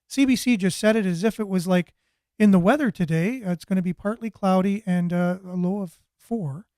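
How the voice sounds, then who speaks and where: A man's voice: high voice, a little fast, warm tone, dry recording, studio quality. A man hosting a commentary show, ranting sarcastically with a stream of rhetorical questions. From Canada. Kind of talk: political commentary monologue.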